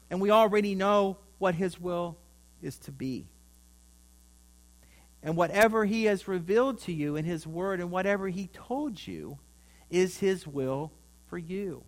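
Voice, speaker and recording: A man preaching a sermon, telling a story with rising and falling emphasis. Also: high voice.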